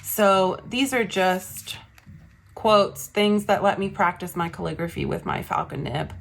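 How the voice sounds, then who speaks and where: A woman's voice: mid-range voice, unhurried, creaky, a little hiss or hum. A young woman vlogger chatting casually as she shows her journals and planners. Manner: chatty, says "y'all". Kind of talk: casual show-and-tell.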